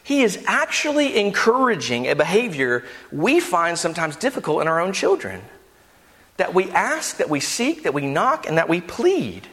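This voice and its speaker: A pastor preaching a sermon with an impassioned delivery that rises to near-shouts. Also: male voice, sits high, wildly swooping pitch, normal speed, big-room sound. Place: church sanctuary.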